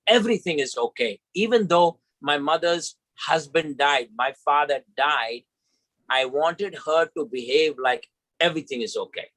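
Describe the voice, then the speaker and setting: A man's voice: a little high, lively intonation, normal speed, a bit bright, no echo, rough recording. A man telling a personal story emphatically as a trainer in an online session.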